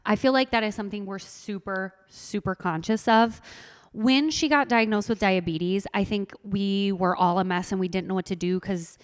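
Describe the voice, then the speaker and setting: A woman's voice: medium pitch, fairly even intonation, moderate pace, clear, resonant tone, big-room sound. A woman with a Minnesotan accent, chatting earnestly as a podcast guest, with lots of "like" fillers. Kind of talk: casual interview chat.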